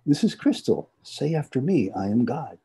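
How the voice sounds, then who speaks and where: A man's voice: medium pitch, big pitch swings, moderate pace, gravelly, mellow, breathy edge, heavily acted. A man voicing an elderly male guru who repeats the same command patiently and firmly. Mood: insisting.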